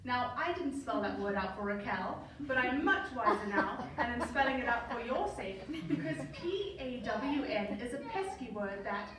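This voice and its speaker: A woman's voice: a little high, animated, moderate pace, few pauses, a crowd in the background. A woman in her thirties from Zimbabwe with a Zimbabwean accent, telling a story on stage in a wry, playful way. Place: large hall. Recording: distant, echoey hall, faint hum.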